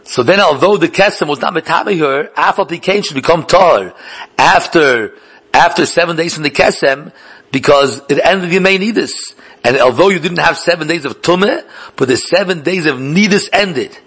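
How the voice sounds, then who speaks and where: Husky man giving a halakhic lecture. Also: a little high, lively intonation, moderate pace, fairly bright tone. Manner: thinks aloud with many repeated words and restarts; mixes English with Hebrew and Yiddish learning terms. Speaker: Talmud teacher. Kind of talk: Talmudic lecture.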